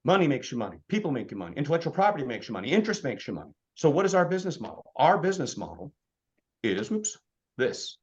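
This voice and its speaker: A man in his fifties giving an energetic motivational business presentation as a sales trainer, firing off rhetorical questions. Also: a little high, quick pace, lo-fi sound. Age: 50s.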